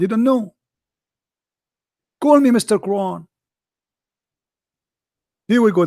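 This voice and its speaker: With a high-pitched yet darkish voice, this middle-aged man speaks with an Arabic accent. He's hosting a call-in show, delivering a polemical religious talk in broken grammar, mocking and emphatic.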